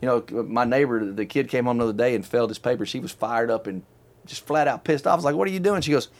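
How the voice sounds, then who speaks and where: A middle-aged man hosting a casual chat, telling a long story in an animated, chatty way and laughing often. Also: mid-range voice, quick pace. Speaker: podcast host telling a story.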